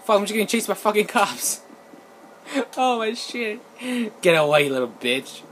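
A man giving casual let's play commentary, excitable and profane, yelling at the game. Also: high voice, moderate pace, a little hiss or hum. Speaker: gameplay commentator. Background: game music.

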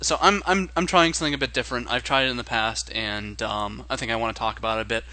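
A man's voice: medium pitch, fairly even intonation, quick pace, bright, forceful tone, low-quality recording. A man co-hosting a casual podcast about tabletop games, running as game master and thinking aloud in a rambling way.

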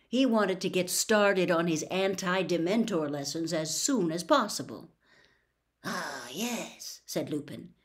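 A woman reading a children's novel aloud as an audiobook, measured and expressive. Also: lowish voice. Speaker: audiobook reader. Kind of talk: scripted storybook narration.

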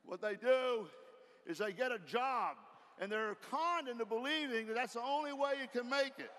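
A man giving a folksy, emphatic motivational speech from a stage, firing off rhetorical questions and sometimes shouting. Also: very high-pitched, moderate pace. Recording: reverberant hall, faint background noise.

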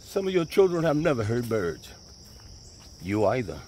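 A man's voice: medium pitch, sing-song, normal speed, a little mellow. A man giving a folksy, conversational tour of his land while walking outdoors by a pond. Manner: folksy, conversational, Southern US speech. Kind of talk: casual walking video tour. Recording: faint outdoor noise. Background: birds and insects.

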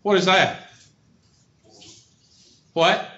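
A middle-aged man with a Southern American accent lectures a college class in a blunt, folksy way, often tossing questions to the students. His voice sits high and sounds bright and forceful. The recording is lo-fi and echoes around the classroom. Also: fairly even intonation, extremely slow. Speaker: college instructor.

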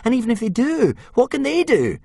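A man's voice: extremely high pitch, huge pitch swings, fairly quick, gravelly, warm tone, husky, dry recording, clean studio sound, pitched above the performer's own voice, full character voice. A man voicing an anxious, clever young Viking boy in an audiobook, tense and worried. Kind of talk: audiobook character voice.

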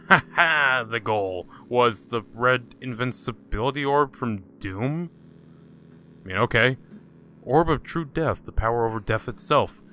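A man's voice: on the low side, pushed and bright, a little hiss or hum. A man hosting a casual gaming let's-play, joking sarcastically and talking back to the game's characters. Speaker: gaming channel host.

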